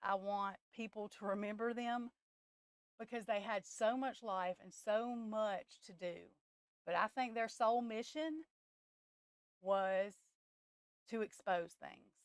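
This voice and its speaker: A woman's voice: mid-range voice, slow, long pauses, clean tone, no echo. A woman who hosts a tarot live stream, talking in a casual, emotional and blunt way that rambles.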